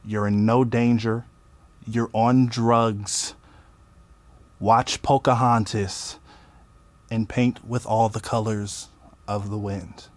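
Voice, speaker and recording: A man casually telling a personal story in an animated way, swearing often and acting out what he said at the time. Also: fairly low pitch, takes it slowly, pauses often, a little hiss or hum. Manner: animated, swearing, acts out his own quotes. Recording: faint music underneath.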